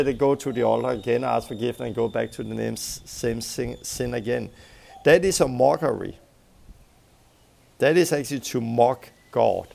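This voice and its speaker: A man's voice: medium pitch, gravelly, darkish tone. A middle-aged man with a Scandinavian accent preaching emphatically, acting out small scenes as he teaches. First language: Danish. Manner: emphatic, acts out little scenes with voices. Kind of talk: sermon teaching.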